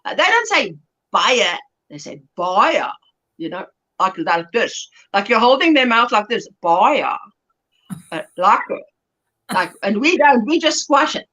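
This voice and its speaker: A middle-aged South African woman hosts a livestream, chatting casually while crafting and laughing as she reads out viewer comments. Her voice is fairly high, sing-song and a bit bright, at a normal speed.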